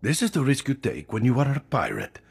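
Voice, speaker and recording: A man voicing a scheming, smooth-talking male pirate captain in a sly, coaxing way, with formal phrasing. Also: mid-range voice, wildly swooping pitch, a little fast, heavily acted.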